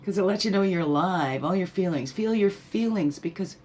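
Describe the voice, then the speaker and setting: A woman's voice: fairly low pitch, lively intonation, moderate pace, darkish tone, slight background noise. A woman hosting a spiritual podcast, talking casually and animatedly, often laughing and asking the listener questions. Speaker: spiritual guide and podcast host.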